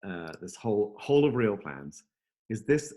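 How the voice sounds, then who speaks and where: A man's voice: fairly low pitch, big pitch swings, normal speed, warm tone. A man hosting a casual video-call chat, demoing his app from home in an upbeat, rambling way with lots of fillers and restarts. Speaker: software company host demoing his app.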